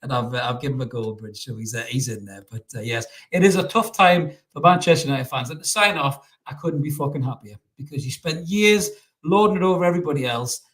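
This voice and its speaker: A man's voice: medium pitch, fast. A man co-hosting a live football reaction show, joking and swearing freely. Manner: sweary, jokey, repeats words when excited. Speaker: football podcast co-host. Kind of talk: live post-match reaction chat.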